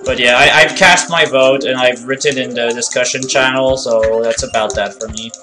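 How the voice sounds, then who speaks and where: A man's voice: medium pitch, fairly even intonation, moderate pace, over music. A man from Canada with a French Canadian accent, chatting casually with viewers while streaming a game, laughing easily and stuttering a little. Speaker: speedrunner streamer. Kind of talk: casual live-stream chat while playing.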